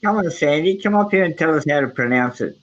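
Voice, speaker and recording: A man's voice: on the high side, animated, fast talker, lo-fi sound. A man chatting casually in a group, easygoing and playful, chuckling often.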